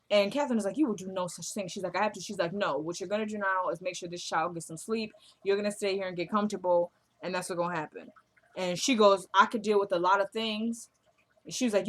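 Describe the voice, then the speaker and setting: A woman casually recapping a TV drama episode, retelling scenes as quoted dialogue with a chatty, animated delivery. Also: fairly low pitch. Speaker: show recap vlogger.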